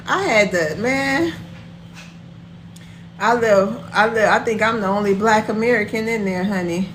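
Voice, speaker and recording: A woman's voice: mid-range voice, fairly bright tone, a little hiss or hum. A woman hosting a casual live stream, chatting and greeting viewers by name in a folksy way.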